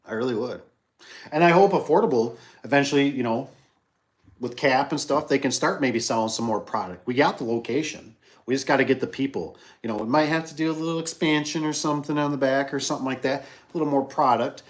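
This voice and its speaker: A middle-aged man in an easygoing livestream chat, his pitch sitting squarely in the ordinary range for a man. He rambles from one work story to the next, loops back on the same phrases and slips into quick impressions of the people he is quoting. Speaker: business owner hosting a livestream.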